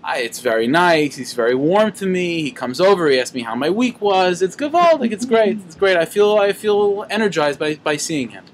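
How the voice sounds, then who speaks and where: A man's voice: on the high side, lively intonation, normal speed, few pauses, a little hiss or hum, close to an everyday voice. A man voicing a tipsy jester, pleading. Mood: enthusiastic. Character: tipsy bold male jester confronting his rebbe.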